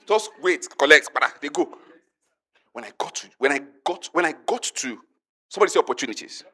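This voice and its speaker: Lively Nigerian man telling a testimony. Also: on the high side, a little fast. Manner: lively storytelling, acts out quotes, calls to the audience. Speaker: conference speaker. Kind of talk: animated testimony talk.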